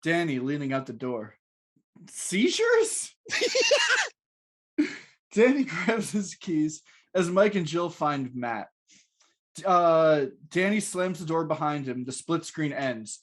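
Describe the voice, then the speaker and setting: A male podcast co-host reads stage directions and jokes around crudely, laughing often. His voice sits a little high and moves with lively ups and downs. He speaks into a podcast mic. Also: slow pace, pauses often. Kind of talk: casual chat, reading stage directions.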